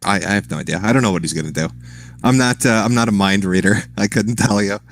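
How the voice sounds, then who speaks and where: Dry-sounding man, low voice, profane chat. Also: quick pace, no echo. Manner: rambling, profane, laughs often. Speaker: podcast guest.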